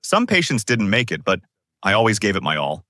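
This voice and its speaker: A man's voice: fairly low pitch, wildly swooping pitch, fairly quick, sharp tone, no room sound, studio quality, heavily acted. A man voicing a devoted female emergency-room nurse who speaks earnestly.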